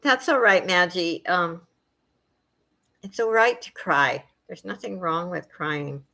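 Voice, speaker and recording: A middle-aged woman hosting a casual chat with her viewers, soft-spoken and emotional, wandering from thought to thought with many fillers. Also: lowish voice, animated, takes it slowly, vocal fry. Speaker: channel host chatting with viewers.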